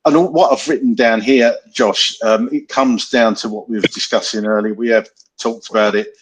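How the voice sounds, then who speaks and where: A man's voice: mid-range voice, fairly even intonation, moderate pace, breathy edge, low-quality recording. A man hosting a football podcast, running through the match minute by minute in casual chat. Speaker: podcast host.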